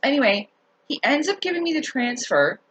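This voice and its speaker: A woman telling a story in a casual rant to her viewers, animated, swearing and laughing as she talks. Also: sits high, normal speed, poor audio. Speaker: vlogger.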